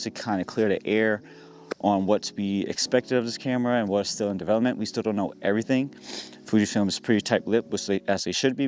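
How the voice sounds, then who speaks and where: A man hosting a casual walk-and-talk vlog outdoors on a hillside. He sounds slightly out of breath and talks in a relaxed, chatty way, laughing often. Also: on the low side, slight background noise. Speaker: camera channel host.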